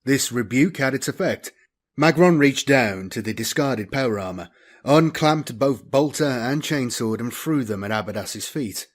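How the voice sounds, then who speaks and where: A man narrating a science fiction novel as an audiobook in a steady, dramatic reading that often drops quieter at the ends of phrases. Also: medium pitch, moderate pace.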